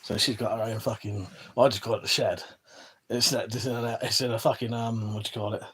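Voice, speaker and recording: There's slight background noise as an English man, voice fairly low, fairly bright, and fairly even in intonation, chats at a fairly quick pace. Hosting a laid-back livestream in front of his weapon wall indoors, he reads chat, swears freely, and rambles with frequent self-interruptions.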